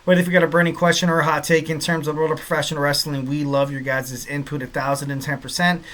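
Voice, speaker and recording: A man's voice: fairly high pitch, little pitch movement, quick pace, a bit bright. A man hosting a wrestling podcast in a casual, rambling, upbeat way, full of fillers and repeated catchphrases. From Southern California. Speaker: podcast host.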